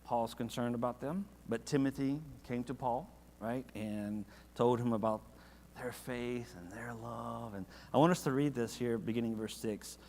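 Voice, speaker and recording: A man's voice: medium pitch, normal speed, in a large hall. Conversational man teaching a Bible class. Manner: conversational, asks the class questions, animated when reading verses. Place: church classroom.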